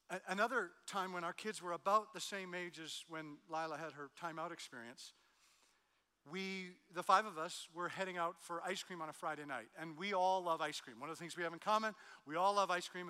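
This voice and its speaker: A middle-aged male pastor with a strikingly bright, fairly high voice delivers a sermon. He moves between hushed, slow lines and loud, emphatic peaks, and his voice carries a long reverb from a large hall.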